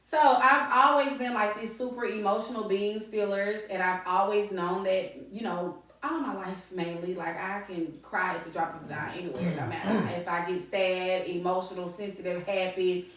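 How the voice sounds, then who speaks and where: Woman podcaster, casual and animated, distant mic, very echoey room. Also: medium pitch, normal speed, hardly any pauses. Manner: animated, laughs often, repeats words for emphasis. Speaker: podcast host.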